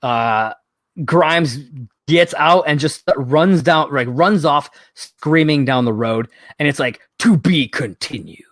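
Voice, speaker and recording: A man's voice: fairly high pitch, slow pace, a bit bright, dry recording, clean studio sound. A man co-hosting a podcast, recapping wrestling events in casual, profane, exasperated storytelling. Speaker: podcast co-host.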